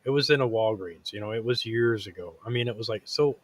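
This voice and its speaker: A man's voice: lowish voice, fast, dry recording. Earnest, rambling man host, dry sound. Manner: earnest, rambling with many fillers and restarts. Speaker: podcast host. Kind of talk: casual chat.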